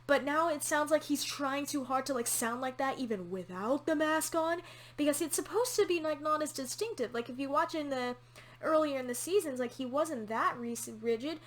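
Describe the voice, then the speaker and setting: Woman, reaction vlog host, frank opinions, casual swearing, a bit high-pitched. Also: moderate pace. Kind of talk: casual TV episode reaction commentary.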